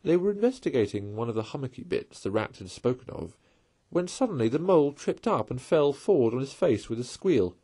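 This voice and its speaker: A man reads a classic storybook aloud in an expressive way. His voice is husky and sits at an ordinary pitch, rising and falling in a lively way. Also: fairly quick, no room sound. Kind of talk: storybook reading.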